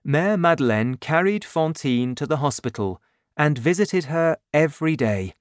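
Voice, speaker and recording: A man narrating an audiobook chapter in a slow, clear and expressive way. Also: fairly high pitch, no room sound, clean studio sound.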